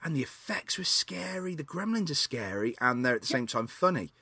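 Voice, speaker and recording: A man co-hosting a casual film podcast, animated and swearing, acting out scenes in funny voices. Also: on the high side, fairly quick, breathy edge, no echo, clean studio sound. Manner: animated, acts out scenes in silly voices, swears, laughs a lot. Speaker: podcast co-host.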